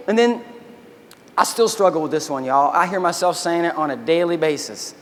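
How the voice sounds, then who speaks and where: A man with a high voice tells his story to a large audience and acts out the lines he quotes. His voice rings with long reverb in a big convention hall. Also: normal speed, a little hiss or hum. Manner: animated storytelling, acts out quotes, addresses crowd as y'all. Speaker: keynote speaker, army veteran. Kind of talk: keynote storytelling.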